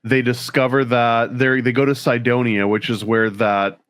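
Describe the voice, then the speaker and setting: Dude on a podcast, mid-pitched, wry jokes, dry close mic. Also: male voice, flat delivery, moderate pace, fairly bright tone, dry recording. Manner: wry, joking, retells plots. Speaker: podcast co-host. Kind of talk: casual chat.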